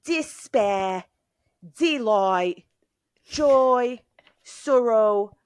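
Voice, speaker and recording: A woman's voice: on the high side, expressive, extremely slow, clean tone, no echo, studio quality, voice pushed up. A woman putting on an Australian sports announcer. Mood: dramatic.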